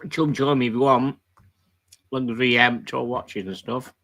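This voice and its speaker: A man with a bright, forward voice hosts a casual live stream. He chats loosely, reads out viewers' greetings and thanks them one by one. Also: mid-range voice, steady tone, moderate pace. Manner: chatty, reads chat greetings aloud. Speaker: livestream host.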